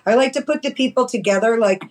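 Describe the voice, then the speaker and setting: A woman from New York City, a guest in a casual interview, talking fast and emphatically about her work. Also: fairly high pitch, poor audio. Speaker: guest, cannabis medicine grower.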